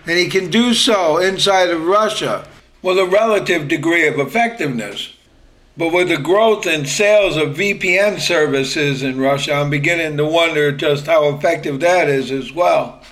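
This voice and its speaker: A man's voice: on the high side, a bit bright, low-quality recording. A man hosting a podcast, giving opinionated, blunt political commentary in a conversational way. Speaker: podcast host.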